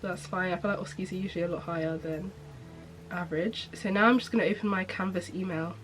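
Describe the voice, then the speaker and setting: A woman's voice: lowish voice, steady tone, fast, a bit bright, soft background music, rough recording. A young woman chatting casually to camera as a medical student vlogger, upbeat with lots of fillers. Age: young adult. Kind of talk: casual vlog chat to camera.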